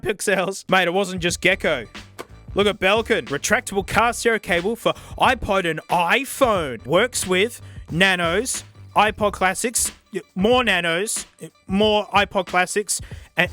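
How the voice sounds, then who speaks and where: A young man giving a casual, comedic product review, excitable and mock-outraged, laughing often. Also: sits high. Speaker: tech YouTuber. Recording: faint music behind.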